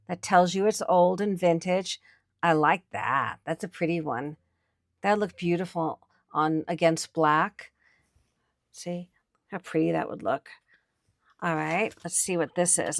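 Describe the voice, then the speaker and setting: With a lowish voice, studio-quality audio and no room sound, the woman is an antiques picker and channel host. At an estate sale she chats on camera, enthusiastically holding up her finds for viewers.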